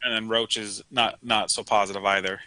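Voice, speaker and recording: A man's voice: on the low side, flat delivery, fairly quick, sharp tone, dry recording, poor audio. A man co-hosting a casual real estate talk show, joking and laughing often. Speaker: co-host. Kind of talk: casual banter.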